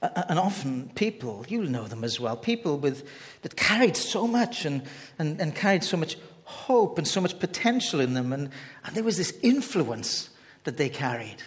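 A man preaching a sermon in a conversational, halting way, often restarting his phrases as he talks to the congregation. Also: on the high side, very animated. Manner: conversational, halting with many repeated starts. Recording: long reverb from a large hall.

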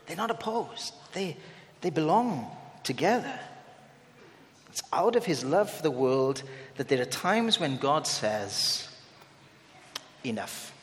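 Male preacher, animated, slightly high voice, echoing hall sound. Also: unhurried. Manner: animated, dramatizing quoted speech. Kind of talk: sermon. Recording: long hall reverb.

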